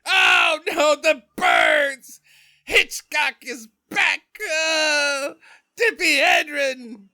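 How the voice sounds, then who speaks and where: A man doing an impression of a bombastic old-time male movie hero, shouting overwrought cries of dread in a high, strained voice. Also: huge pitch swings, very slow, creaky, full character voice. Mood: frantic.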